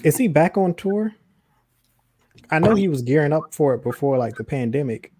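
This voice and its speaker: A man's voice: fairly high pitch, lively intonation, moderate pace, background noise. A man co-hosting a podcast in casual chat, laid-back, laughing easily and trailing off. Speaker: podcast co-host.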